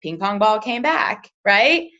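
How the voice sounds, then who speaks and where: A woman's voice: medium pitch, big pitch swings, slow, pushed and bright, muffled recording, a little hiss or hum. A woman leading a coaching talk for her team, chatty, acting out sample conversations and checking in with "right?". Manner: chatty, acts out sample chats in quoted voices, often asks "right?". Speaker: team leader coaching a sales team.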